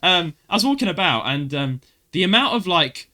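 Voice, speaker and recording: A man with a London accent hosting a casual chat, an animated storyteller who laughs often and acts out bits of dialogue. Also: sits high, normal speed. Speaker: podcast host.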